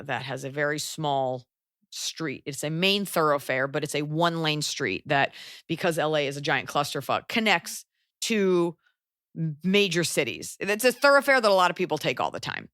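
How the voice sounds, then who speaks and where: A woman in her forties hosts a casual podcast chat, blunt and animated, swearing and darting into asides. Her voice sits low for a woman. The sound is dry and close, with no room around it. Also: moderate pace, no echo. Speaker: podcast host.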